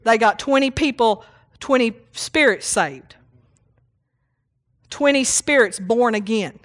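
A woman's voice: fairly high pitch, slow pace. A woman preaching a sermon, reading scripture and teaching with emphatic repetition and call-outs to the congregation.

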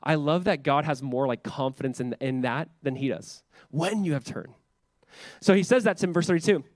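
A male pastor preaching a casual, animated sermon, full of "like" and quick acted-out quotes. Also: fairly high pitch, no echo. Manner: animated, filler-heavy, acts out scripture voices.

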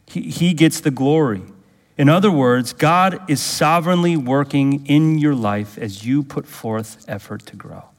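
A man preaching in a church with his voice ringing out in a long hall reverb. He sits a little higher than most men and stays emphatic, drawing answers from his listeners. In prayerful stretches he climbs into a fervent, intense delivery. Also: a little slow. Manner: emphatic, asks the congregation to fill in words. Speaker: pastor. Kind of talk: sermon.

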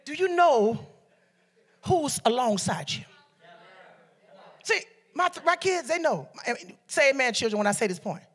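A woman from Detroit preaching a sermon with call-and-response, swinging from soft teaching to shouted exhortation. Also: sits high, very animated, moderate pace, long pauses, breathy edge. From Detroit, USA. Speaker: preacher and beauty coach. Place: church service.

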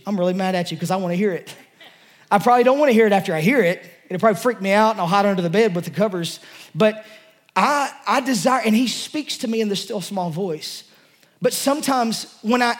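A male pastor preaching a sermon to his congregation, passionate and emotional, talking in a loose, conversational way with many restarts. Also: high-pitched. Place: church service before a congregation.

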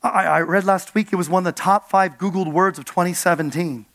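A man preaching a sermon as a pastor, dropping soft and low for gentle quoted words and building to emphatic points. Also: fairly even intonation. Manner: drops soft and low when quoting God's gentle words; builds to emphatic points, then slows for weight.

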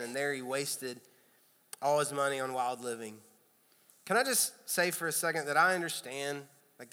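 A man in his thirties preaching a sermon in a church, telling stories with animated, self-deprecating humor. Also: a little high. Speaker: pastor. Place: church sanctuary. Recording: long hall reverb.

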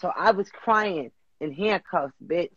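A woman's voice: lowish voice, a little slow, breathy edge, no echo, muffled recording. A woman co-host talking in a blunt, profane, emphatic way in a casual podcast chat.

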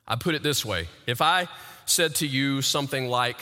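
A man preaching a sermon, building to emphatic peaks with dramatic pauses. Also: mid-range voice, bright, forceful tone, big-room sound. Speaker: pastor.

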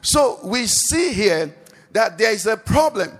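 A man's voice: sits high, very animated, slow, fairly bright tone. A man preaching a live church sermon, quizzing the congregation and lifting into sing-song phrases. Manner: call-and-response questions to the congregation, sing-song rises. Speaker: pastor. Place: church service. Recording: long church-hall reverb.

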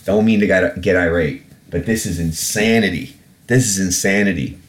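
A podcast host whose voice sits low talks at normal speed through a casual rant. He is sarcastic and heavily profane, repeatedly getting worked up and then apologizing.

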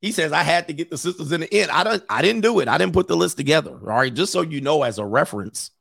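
A man hosting a casual commentary show, reacting to a list with jokes and loud exclamations. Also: on the high side, lively intonation, quick pace, gravelly, no room sound, clean studio sound.

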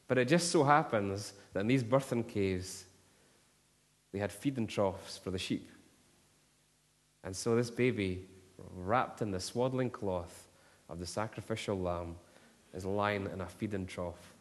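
A man preaching a sermon, telling stories and rising to impassioned appeals. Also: on the low side. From Scotland. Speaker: pastor. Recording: long hall reverb.

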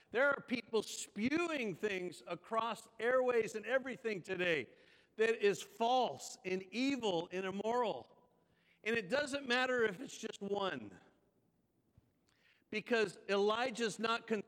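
A man's voice: sits high, fairly bright tone, big-room sound. A male pastor preaching a sermon in a conversational way, often asking the congregation questions.

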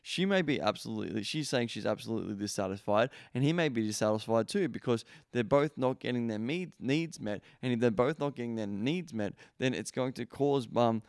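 A man hosting a podcast, talking straight to his listeners in a blunt, emphatic coaching tone. He swears freely and peppers his talk with "like." His voice sits at a middle pitch and is recorded close and dry, with no room sound. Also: brisk, creaky, few pauses, a little mellow, no echo. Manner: blunt, profane, emphatic, many fillers. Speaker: podcast host. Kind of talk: casual coaching monologue.

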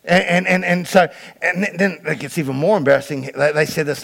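A man preaching a sermon as a pastor, retelling a story with animated voices and frequent stammered restarts. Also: on the high side, brisk, gravelly.

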